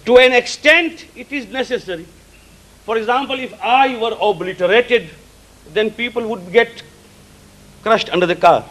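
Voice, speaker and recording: A male preacher whose first language is Gujarati, giving a sermon in an emphatic way, repeating key words and explaining terms slowly. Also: very high voice, a bit bright, poor audio. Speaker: religious preacher.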